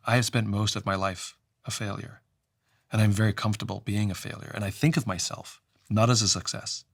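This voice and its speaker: Gravelly low-voiced man telling a story. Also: steady tone, a little fast, dry recording, studio quality. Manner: reflective, restarts often, low trailing endings. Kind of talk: conversational storytelling.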